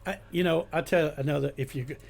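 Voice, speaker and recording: Older man, gravelly voice, slightly high-pitched, lively storyteller. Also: quick pace. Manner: animated anecdotes with laughter. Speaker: guest, retired police detective sergeant. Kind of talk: casual storytelling.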